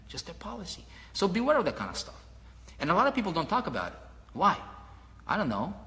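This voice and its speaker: A man giving a motivational marketing talk to an audience, animated, asking the listeners questions and repeating his points while pacing around. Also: a little high, long reverb tail. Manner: paces around while talking. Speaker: online marketing mentor.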